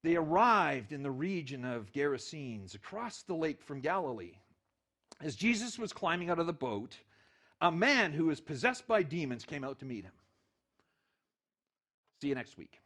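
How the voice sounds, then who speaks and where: A middle-aged man preaching with a lively, swooping delivery. His voice sits high for a man, and he tells the story with animated, acted-out quotes. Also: moderate pace. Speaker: pastor. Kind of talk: sermon.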